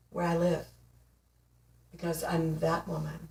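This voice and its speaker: An unhurried, lowish female voice comes from a relationship coach in her forties. She's off mic in an echoey space, giving an emphatic, playful motivational talk to camera and laughing often.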